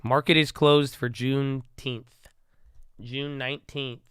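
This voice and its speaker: A man's voice: medium pitch, level tone, slow, a bit bright, clean tone, dry recording, clean studio sound. A man casually talking through stock moves on a livestream, rambling and joking, often trailing off into mumbles. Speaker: stock market livestream host. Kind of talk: casual live market commentary.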